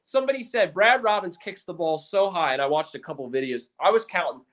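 A man with a notably high voice talks football in a relaxed podcast chat. He tells his stories with an excitable fan's energy. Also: fast. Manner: animated, excitable fan storytelling. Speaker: podcast co-host. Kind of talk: casual sports chat.

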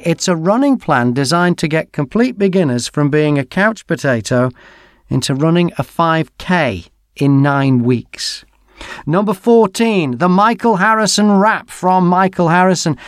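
A man's voice: sits high, no echo, studio quality. An English man with a British accent hosting a radio podcast chart show in a chatty, jokey way. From England. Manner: jokey, chatty presenter banter. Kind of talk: casual radio chat.

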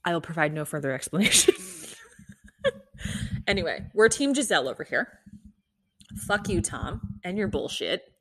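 A woman's voice: on the low side, expressive, moderate pace, long pauses, fairly bright tone, husky, dry recording. Young woman podcaster ranting, blunt and sweary, lots of "like", dead dry sound. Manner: opinionated, blunt, swears freely, peppered with "like". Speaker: podcast host. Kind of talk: casual opinion rant.

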